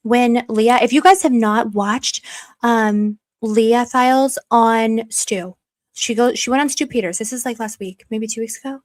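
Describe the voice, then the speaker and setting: Woman, higher voice, casual livestream, heated, rhetorical, talks to chat. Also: steady tone, a little slow. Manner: heated, rhetorical, repeats questions, reads chat aloud. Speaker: political commentary streamer.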